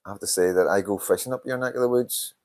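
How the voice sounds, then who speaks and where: Low-voiced, tired man. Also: fast, a little mellow. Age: older. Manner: swears a lot, tired and yawning. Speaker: livestream host. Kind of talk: casual live-stream chat reading comments.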